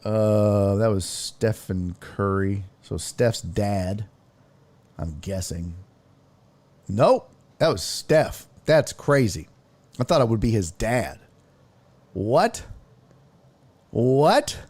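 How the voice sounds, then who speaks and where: A man's voice: fairly low pitch, expressive, extremely slow, long pauses, darkish tone. A man hosting a casual sports show, ranting and rambling with lots of swearing. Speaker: sports podcast host.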